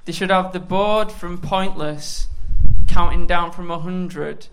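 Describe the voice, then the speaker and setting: Male panelist, slow and high, clicking noise behind. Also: steady tone, fairly bright tone. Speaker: comedy panelist. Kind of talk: comedy panel chat.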